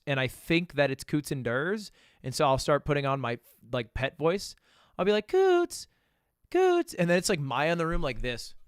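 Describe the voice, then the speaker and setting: A man's voice: on the high side, fairly bright tone, smooth, dry recording, studio quality. A young man in his twenties chatting casually and reacting to clips on a stream, rambling and swearing a lot.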